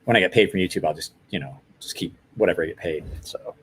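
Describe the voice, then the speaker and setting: A man's voice: deep voice, fast talker, a little hiss or hum. A man in his forties hosting a casual live stream, tired and run down, rambling with many fillers and apologies. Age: 40s.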